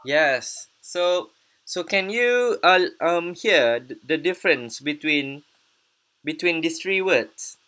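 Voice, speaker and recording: A woman teaching English pronunciation in an online class, patient and encouraging, repeating words slowly. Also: deep voice, animated, a bit bright.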